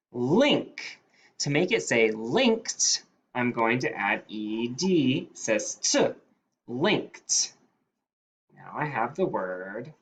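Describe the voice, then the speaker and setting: A male teacher leading a phonics dictation lesson, sounding out words slowly and deliberately. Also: mid-range voice, low-quality recording.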